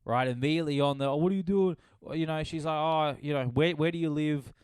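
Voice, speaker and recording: Swearing, smooth-voiced man. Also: on the high side, fast talker, darkish tone, no echo, studio quality. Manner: swearing, retelling with quoted voices. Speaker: podcast host. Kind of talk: casual chat.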